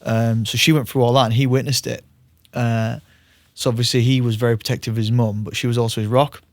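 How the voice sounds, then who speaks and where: In a dry, studio-quality recording, a podcast host talks fairly quickly in a medium-pitched male voice. The conversation is casual, and he spins stories in a lively, chatty way, laughing frequently.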